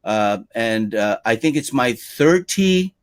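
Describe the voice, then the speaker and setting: A man's voice: medium pitch, animated, a little slow, clear, resonant tone. A male lead trainer hosting a live-stream webinar, upbeat as he reads out viewer names one by one and welcomes them.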